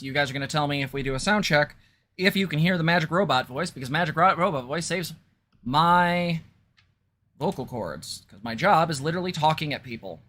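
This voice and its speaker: Bright-voiced chatty woman host. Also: deep voice. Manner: chatty, conversational. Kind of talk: casual commentary.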